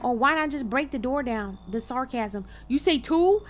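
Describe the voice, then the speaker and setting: High-voiced animated woman gamer. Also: a little hiss or hum. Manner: animated, talks to viewers as y'all, quick exclamations. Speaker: gaming video creator. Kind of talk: casual gameplay commentary.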